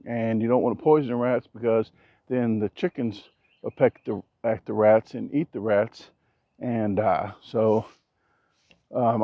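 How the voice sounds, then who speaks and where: A man talking casually to camera while building outdoors, rambling and cracking jokes, keeping his naturally loud voice down. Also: on the low side, no echo, lo-fi sound. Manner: joking, rambling, self-deprecating asides. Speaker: vlogger. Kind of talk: casual vlog talk to camera. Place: outdoors at a backyard building site. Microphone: action camera.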